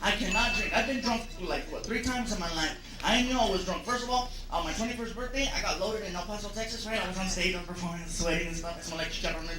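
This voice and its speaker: A man doing stand-up storytelling on a large stage, animated and acting out voices. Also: high voice, fast, few pauses. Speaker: stand-up comedian. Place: large comedy stage with audience. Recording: echoey venue with audience noise.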